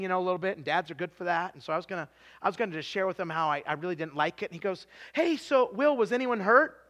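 A man in his forties preaching a sermon, telling stories with lots of restarts and sometimes dropping to a hushed, confessional tone. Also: high voice. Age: 40s. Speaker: pastor.

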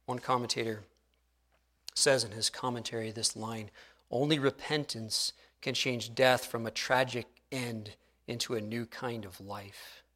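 A middle-aged male pastor preaching a sermon in an earnest way, often dropping to a hushed tone to stress a point. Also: mid-range voice, steady tone, measured pace.

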